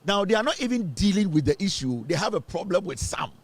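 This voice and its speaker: A man's voice: high voice, big pitch swings, fast talker, breathy edge, no echo. A Ghanaian man hosting a political commentary show, ranting and mocking as he switches between English and Twi.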